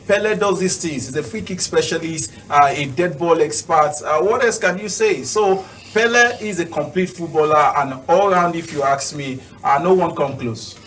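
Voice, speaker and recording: A man talks about football as a pundit, hesitating and repeating words. His slightly high voice sounds set back from the mic, with a faint hiss behind it. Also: normal speed, few pauses, a bit bright. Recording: distant mic with faint noise.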